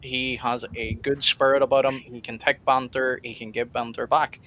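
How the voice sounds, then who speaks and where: A man's voice: mid-range voice, level tone, normal speed, sharp tone. A man hosting a livestream discussion, speaking bluntly and directly as he steers the talk. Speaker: stream host and debater.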